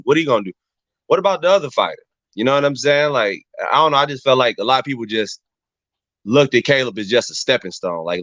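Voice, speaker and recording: A barbershop regular breaks down a boxing match in casual chat, his mid-range male voice fairly bright in tone. He's emphatic, repeats his points, and addresses everyone as "y'all." The recording is dry, dull, and slightly muffled.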